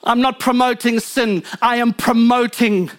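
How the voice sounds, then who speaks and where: Guy pastor preaching hard, really high voice, pushes then drops way down. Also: fairly even intonation, unhurried. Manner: fervent, emphatic preaching with rising and falling intensity. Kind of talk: sermon.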